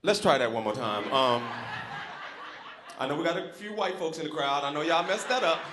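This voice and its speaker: A man from South Central Los Angeles doing a loud, animated stand-up set, acting out characters. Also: a little high, normal speed, roomy sound. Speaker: stand-up comedian. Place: comedy club stage. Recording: live club crowd noise. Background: laughing club audience.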